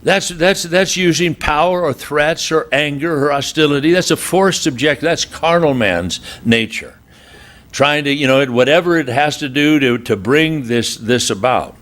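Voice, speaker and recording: A man preaching a sermon at a marriage retreat, telling humorous stories and leaping into high, animated voices for the people he quotes. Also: measured pace. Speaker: pastor. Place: church retreat hall.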